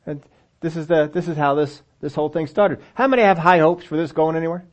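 A pastor talks fast in a fairly high voice, giving a conversational sermon and playing the voices of the story's people. His congregation in the church sanctuary includes children.

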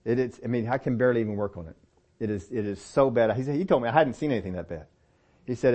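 A middle-aged male pastor delivers his sermon like a chat, his voice at a plain, everyday pitch. He tells personal stories and often lifts his pitch to drive a point home. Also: quick pace. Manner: conversational storytelling with lively pitch swings and laughs.

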